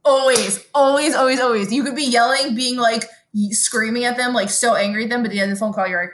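A woman's voice: on the high side, steady tone, fast, hardly any pauses, fairly bright tone. A woman, co-hosting a podcast in casual chat, telling stories animatedly and swearing freely. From Brooklyn, New York. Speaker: podcast co-host.

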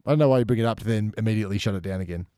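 A man chatting as a podcast guest, lively, often quoting lines in put-on voices. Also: lowish voice, very fast, clean tone, no echo, studio quality. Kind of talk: casual chat.

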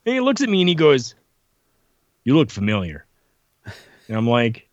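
A man tells stories at a lively clip and acts out what other people said, his voice jumping up when he quotes them. The sound is dull and lo-fi with a dry, close feel. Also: mid-range voice, normal speed, pauses often, no echo. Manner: animated storyteller, acts out quotes. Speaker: podcast guest telling stories. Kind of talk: casual chat.

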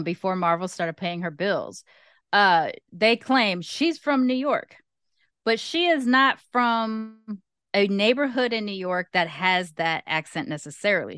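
A woman's voice: mid-range voice, fairly bright tone, clean tone, dry recording, clean studio sound. A woman co-hosting a podcast, arguing her point in an emphatic, opinionated casual chat. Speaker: podcast co-host.

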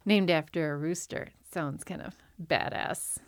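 Curious, teasing woman with a lowish voice. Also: measured pace, dry recording. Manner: curious, teasing, asks many questions. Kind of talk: casual chat.

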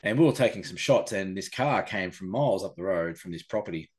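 Fast-talking, low-voiced man. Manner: quick, animated anecdotes. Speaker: podcast co-host. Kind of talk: casual chat.

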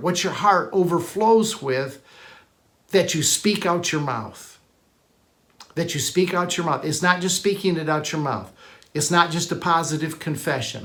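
A man's voice: a little high, a bit bright. A man preaching a sermon as a teacher, emphatic and repetitive, rising to stress key words.

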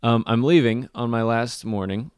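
Smooth-voiced man telling a story. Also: mid-range voice, normal speed, dry recording, studio quality. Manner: animated storyteller, laughs often. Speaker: podcast co-host. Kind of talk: casual chat.

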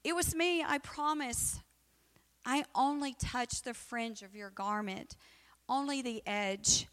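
A woman voicing a healed woman who pleads earnestly and gratefully, lifting her voice higher for the part. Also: slow, a bit bright, big-room sound. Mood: pleading.

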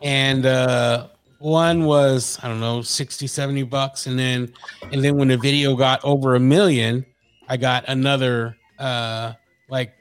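A man's voice: medium pitch, unhurried, smooth, faint music behind. A man co-hosting a morning talk show, telling stories in loose, profane casual chat. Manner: profane, animated storyteller.

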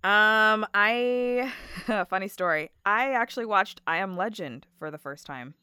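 A woman guest on a podcast, chatting casually and telling stories with animated, acted-out quotes. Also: medium pitch, a little slow, clean tone, no room sound, studio quality. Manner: animated storyteller, acts out quotes. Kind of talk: casual chat.

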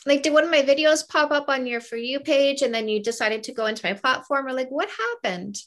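A woman's voice: high voice, a little fast, a bit bright. A woman hosting an advice interview, upbeat and affirming as she explains her points. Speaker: advice host and author.

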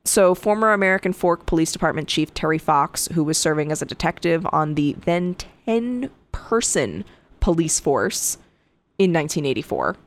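A woman co-hosting a true crime podcast, reading case details in a casual way and breaking into profane, animated asides. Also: deep voice, moderate pace. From Connecticut. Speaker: podcast co-host.

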